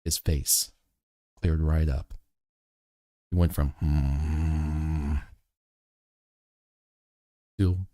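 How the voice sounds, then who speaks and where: A man with a low, mellow voice speaks slowly and earnestly, as if recounting a lesson from home. The sound is close and dry, with no room around it. He talks with the reflective steadiness of a motivational vlogger. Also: no echo. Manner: earnest, measured, storytelling. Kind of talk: reflective talk to camera.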